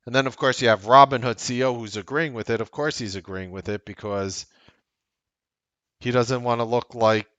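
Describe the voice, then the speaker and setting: A man's voice: medium pitch, moderate pace, dry recording, lo-fi sound. A man hosting a trading show, giving casual, rambling market commentary with blunt language. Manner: animated, rambling, blunt with profanity.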